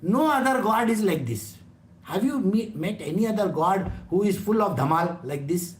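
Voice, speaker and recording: A man's voice: sits high, lively intonation, normal speed. A man with an Indian English accent giving a conversational scripture talk, teasing and often asking his listeners questions. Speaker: spiritual teacher. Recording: roomy echo.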